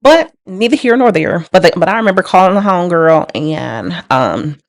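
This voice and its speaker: A woman's voice: fairly low pitch, big pitch swings, normal speed, dry recording, clean studio sound. A young woman telling her life story in a casual, emphatic way, repeating phrases for weight. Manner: casual, emphatic, repeats phrases, laughs through hard memories. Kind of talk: candid personal storytelling.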